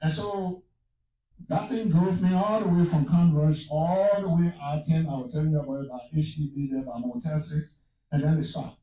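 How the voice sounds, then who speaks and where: A man's voice: fairly high pitch, steady tone, normal speed, dark tone, heavy reverb, distant mic, rough recording. A man from Africa telling a personal testimony as a sermon, mixing storytelling with exclamations of praise. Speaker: preacher.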